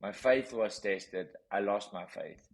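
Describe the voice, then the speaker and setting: A man's voice: fairly low pitch, slow pace, rough recording. A man with a South African accent, a podcast guest telling a personal story with intensity, often repeating phrases. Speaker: podcast guest, professional boxer.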